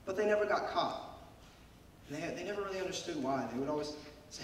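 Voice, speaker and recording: A man's voice: a little high, animated, fast, a little hiss or hum. A man who is losing his voice, giving a devotional talk to a group of young people, telling a story and asking the crowd questions. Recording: echoey hall, speaker far from mic.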